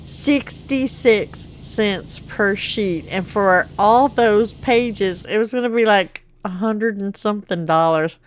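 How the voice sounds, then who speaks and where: A woman's voice: mid-range voice, slow pace, few pauses, rough recording. A middle-aged woman, telling a long exasperated story while gaming. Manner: chatty, exasperated, animated storyteller. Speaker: gameplay vlogger.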